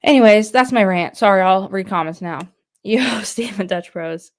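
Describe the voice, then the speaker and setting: A woman hosts a casual live stream, chatting and laughing often as she reads viewer comments aloud. Her voice sits at a medium pitch and moves at a normal speed.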